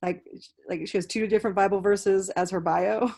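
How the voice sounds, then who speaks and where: A young woman hosting a podcast in casual chat, an animated storyteller who swears freely. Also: mid-range voice, a little fast, gravelly. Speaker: podcast host.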